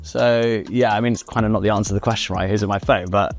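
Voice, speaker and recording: A young man in casual conversation, relaxed and chatty, laughing often as he tells stories. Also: lowish voice, fast, soft background music. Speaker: interviewer. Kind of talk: casual chat.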